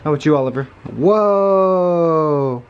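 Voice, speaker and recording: Young dad chatting to a handheld camera. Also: male voice, medium pitch, moderate pace, dull audio. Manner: chatty, talks straight to the camera. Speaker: father and vlogger. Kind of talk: casual home vlog. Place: home, then in a car. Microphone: handheld compact camera. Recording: background noise with vehicle hum.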